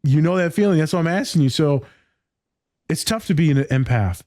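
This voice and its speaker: A man hosts a casual podcast in a warm, mellow voice recorded close and dry. He speaks with emphasis and street slang, dropping "my guy" and the odd curse word. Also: on the high side, lively intonation, a little fast, no room sound. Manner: emphatic and slangy, says "my guy", swears freely. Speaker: podcast host.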